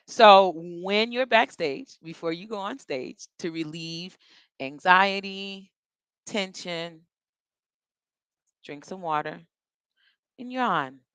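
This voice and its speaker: A woman's voice: lowish voice, a bit bright, smooth, dry recording. A woman vocal coach leading a workshop, giving chatty, encouraging instructions and demonstrating yawns and breaths as she teaches.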